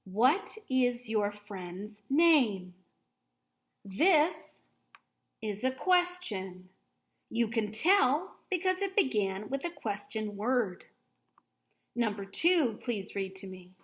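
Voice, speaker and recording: A woman with a slightly high voice teaches a recorded grammar lesson for young students. She explains each step patiently and clearly. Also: very animated, slow pace.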